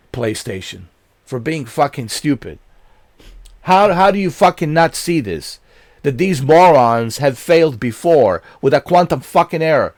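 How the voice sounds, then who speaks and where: A man ranting angrily about video games, swearing constantly and breaking into shouts. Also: medium pitch, dry recording. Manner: profane, shouting in bursts. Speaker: gaming channel host. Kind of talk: angry rant commentary.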